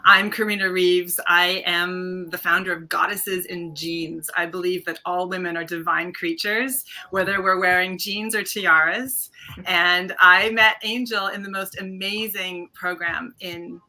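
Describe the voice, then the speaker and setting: A woman speaks as a guest on an online show, introducing herself as a founder with warmth and enthusiasm. Her voice is low for a woman and very sharp and bright in tone, heard over a video call. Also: fairly even intonation, measured pace. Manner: warm, enthusiastic.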